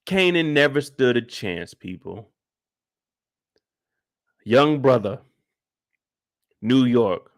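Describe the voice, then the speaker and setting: A man's voice: mid-range voice, very animated, slow pace, pauses often. A man hosting a live after-show, recapping an episode in casual, slangy, emphatic talk. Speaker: show host.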